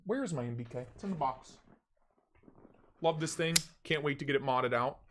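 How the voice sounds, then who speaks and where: A young man with a fairly high voice chats on a live stream. He talks in an excitable, slangy way and breaks into loud bursts when he retells a story. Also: normal speed, noisy background. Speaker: knife channel host. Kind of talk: casual live-stream chat.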